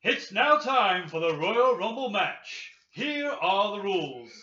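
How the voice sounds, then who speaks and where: A booming wrestling ring announcer, drawing out each word in a sing-song roll, as a Yorkshire man puts him on. The voice is bright and fairly high. The sound is echoey and dull, like a lo-fi room recording. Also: big pitch swings, slow, exaggerated voice. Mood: grand, announcing.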